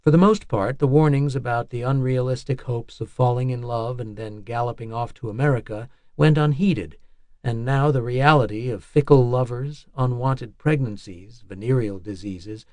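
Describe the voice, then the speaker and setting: A man reading a nonfiction audiobook in a measured, even narration style. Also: mid-range voice, no room sound.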